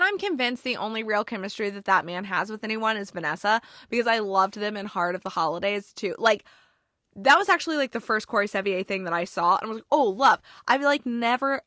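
A woman's voice: medium pitch, lively intonation, brisk, sharp tone, no room sound, clean studio sound. A woman reviewing holiday movies in a casual, gushing, emotional chat, with lots of fillers.

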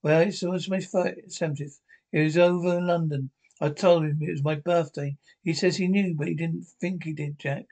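A man's voice: a little high, fairly even intonation, normal speed, a little mellow. An actor playing a lonely Scottish man in his seventies, rambling wistfully about a son who let him down, in a sitcom. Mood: rueful. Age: 70s. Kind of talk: sitcom acting.

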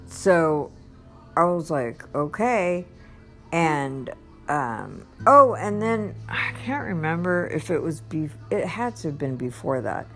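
A woman's voice: low-pitched, sing-song, slow, fairly bright tone, faint music behind. A woman telling her personal testimony in a casual, rambling way, with many restarts and bursts of laughter. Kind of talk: casual storytelling.

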